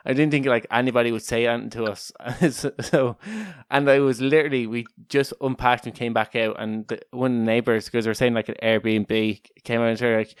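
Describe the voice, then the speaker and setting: A man's voice: mid-range voice, steady tone, a little fast, few pauses, clean tone, no echo, clean studio sound. A young Irish man with a Kildare accent, a podcast co-host telling stories in casual chat, rambling, swearing and laughing often.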